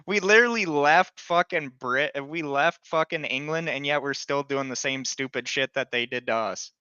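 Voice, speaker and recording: A man's voice: a little high, moderate pace, sharp tone, smooth, no room sound. Sardonic twenties male co-host, dull lo-fi dry mic. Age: 20s. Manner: profane, sardonic storytelling. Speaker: podcast co-host. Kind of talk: casual comedic banter.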